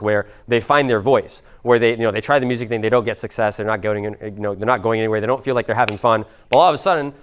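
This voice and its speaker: A young man with a Miami accent coaching a live seminar audience, casual and profane, full of fillers. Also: medium pitch. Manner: casual, profane, fast, many fillers like "like" and "bro". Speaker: business coach.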